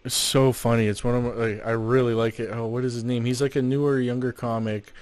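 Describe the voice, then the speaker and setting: A man's voice: medium pitch, level tone, a little fast, a little mellow, no echo. A man, a comedian co-hosting a podcast, chatting casually in a rambling, self-interrupting way and laughing often. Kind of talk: casual banter.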